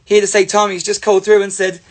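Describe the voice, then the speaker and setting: A man's voice: high voice, monotone, quick pace, pitched above the performer's own voice, lightly acted. A man voicing a friendly guest arriving at a house. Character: friendly visiting mate.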